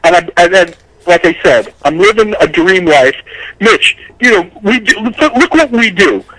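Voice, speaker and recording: Casting: high-pitched man, rambling, stumbling over words, heartfelt casual chat. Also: animated, normal speed, bright, forceful tone, no room sound, poor audio. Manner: rambling, repeats words, gets emotional. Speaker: podcast co-host, agent.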